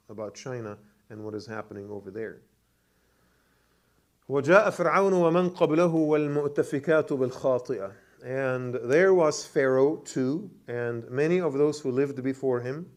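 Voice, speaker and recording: Imam giving a lively tafsir class. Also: male voice, medium pitch. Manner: questions the class, repeats words, many restarts. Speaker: imam teaching Quran commentary. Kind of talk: classroom lecture with questions to the audience.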